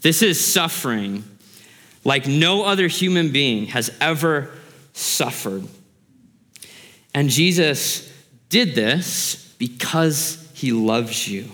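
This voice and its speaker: A man's voice: mid-range voice, lively intonation, takes it slowly, sharp tone, in a large hall. A man preaching a sermon as a pastor, earnest and growing impassioned, asking the congregation rhetorical questions.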